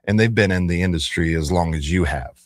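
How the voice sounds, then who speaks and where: A man's voice: low-pitched, fairly quick, dry recording, studio quality. A man hosting a morning radio talk show, chatting casually and rambling a little, with plenty of self-corrections. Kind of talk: casual on-air chat. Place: radio studio. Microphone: studio microphone.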